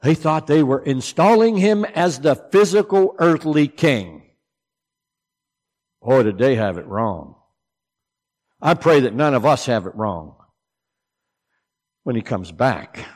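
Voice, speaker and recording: A man preaching a sermon, swinging between loud, emphatic declarations and low, hushed asides. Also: big pitch swings, slow pace, pauses often, in a large hall.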